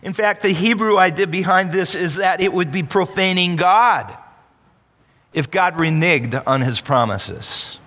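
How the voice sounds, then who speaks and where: Pastor, male, high bright voice, emphatic sermon delivery with call-and-response, large reverberant hall. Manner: emphatic, calls on the congregation to answer.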